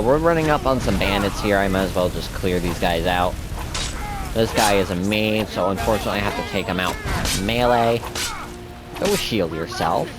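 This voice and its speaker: A young man giving casual gameplay commentary as a streamer, chatty and rambling. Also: sits low. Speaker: gaming streamer.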